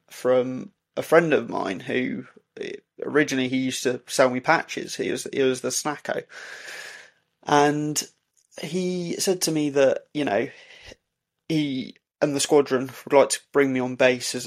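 A man, a podcast co-host, telling a story in casual chat, halting with many fillers and restarts. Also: mid-range voice, creaky. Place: indoor recording for podcast.

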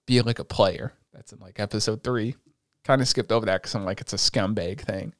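A young man hosting a casual chat, retelling an anime with lots of swearing and excitable energy. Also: lowish voice, brisk, dry recording, studio quality. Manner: profane, excitable storytelling.

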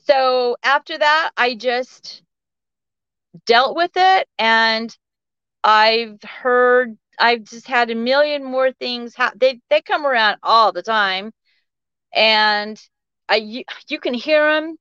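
A woman's voice: measured pace, fairly bright tone, clear, resonant tone, no echo. A woman in her forties, a podcast guest, telling a personal story with energy and acting out the other people's voices as she quotes them. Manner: acts out the quoted voices of others with shifts in pitch. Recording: slightly muffled dry recording.

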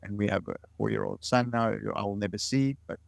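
A man's voice: fairly low pitch, fairly even intonation, a little fast, creaky, no room sound. A man in his late forties, a guest in an interview, telling stories earnestly and often repeating words. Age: late 40s. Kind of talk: interview conversation.

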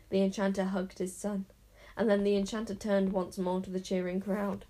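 A woman's voice: mid-range voice, moderate pace, hardly any pauses. A woman reading a children's fantasy storybook aloud, narrating expressively. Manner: expressive, lively character voices.

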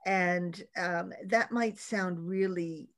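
Expressive middle-aged woman guest. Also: lowish voice, takes it slowly. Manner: enthusiastic, expressive, laughs often. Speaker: podcast guest, storyteller. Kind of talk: casual interview chat.

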